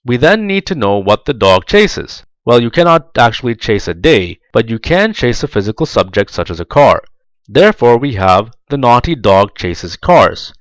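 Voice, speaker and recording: Animated man in dry instructional voice-over. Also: mid-range voice, no echo, low-quality recording. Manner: slow, deliberate, clearly enunciated. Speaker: tutorial narrator for job applicants.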